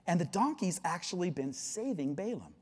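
Animated male pastor in a reverberant hall. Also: high voice, moderate pace. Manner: animated storytelling, acting out voices. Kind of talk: sermon.

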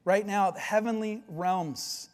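Animated male pastor in a reverberant hall. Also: sits high, takes it slowly. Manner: animated storytelling, acting out voices. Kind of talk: sermon.

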